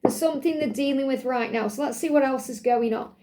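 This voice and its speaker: Woman, high voice, tarot card reader, chatty, repeats herself. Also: fairly quick, mellow. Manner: chatty, repeats phrases, voices the cards' messages. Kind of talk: spiritual card reading monologue.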